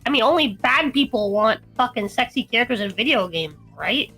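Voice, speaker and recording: High, bright-voiced ranting woman. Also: animated, a little fast, hardly any pauses, faint music behind. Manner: blunt, heated ranting, heavy swearing. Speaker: podcast co-host. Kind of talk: casual podcast chat.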